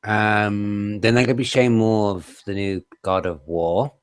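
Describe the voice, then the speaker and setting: A man on a casual gaming podcast, teasing the others and talking excitedly about games. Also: fairly low pitch, a little slow, smooth. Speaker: podcast co-host. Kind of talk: casual group chat.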